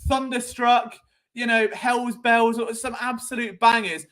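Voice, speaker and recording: A man's voice: very high voice, steady tone, a little slow, a bit bright. A young British man hosting a sports live stream, chatting in a cheeky, rambling, jokey way. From Britain. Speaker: sports show host.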